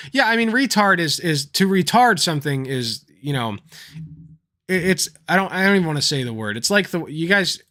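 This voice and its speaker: A man's voice: fairly high pitch, pushed and bright. A man hosting a livestream, chatting casually and telling anecdotes, swearing freely and laughing at his own stories. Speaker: livestream host.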